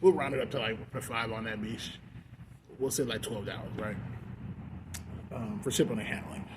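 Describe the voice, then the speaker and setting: A man ranting casually and profanely about his fast food job, loose and full of fillers, recorded with clear background noise. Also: on the low side, fairly even intonation. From Texas. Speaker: fast food worker venting. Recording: noisy background.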